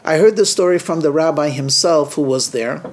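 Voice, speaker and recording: Man, rabbi, high-pitched voice, storytelling sermon, lively, acts out quoted speech. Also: normal speed.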